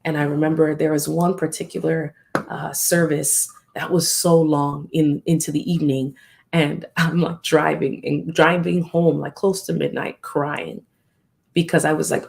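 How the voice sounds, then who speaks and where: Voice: mid-range voice, level tone, normal speed, creaky, a little mellow. A host talking candidly and reflectively in a casual live stream, often acting out remembered exchanges.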